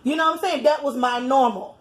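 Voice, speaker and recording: A woman's voice: high voice, fast. A woman chatting casually in a blunt, laid-back way. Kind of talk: casual chat. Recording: echoey room.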